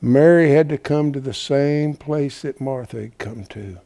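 A male preacher delivering a folksy, dramatic sermon, swinging between hushed whispers and shouts. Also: medium pitch, unhurried, gravelly.

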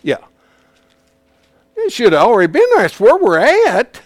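A man teaching a Bible class in a folksy, plain-spoken way, swinging from hushed asides to loud emphasis. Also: sits high, wildly swooping pitch, moderate pace, no room sound, clean studio sound.

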